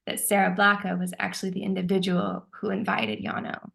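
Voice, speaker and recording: A woman's voice: on the low side, animated, brisk, creaky, a bit bright. A woman telling a personal story in a casual, chatty way, with many filler words, frequent laughter and acted-out dialogue. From United States.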